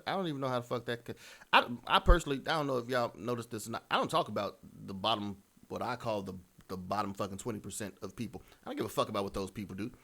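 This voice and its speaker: A man's voice: fairly low pitch, racing, creaky, bright, forceful tone. A man hosting reaction commentary, ranting with profanity and exasperation. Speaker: commentary host.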